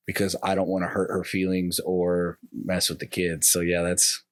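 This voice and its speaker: A man with a very deep voice, talking as a guest in a loose, rambling way and playing out remembered exchanges from home. The sound is dry and close-miked. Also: monotone, normal speed, hardly any pauses, no room sound. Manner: rambling, acts out remembered dialogue with his wife. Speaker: podcast guest. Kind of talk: casual conversation, personal reflection.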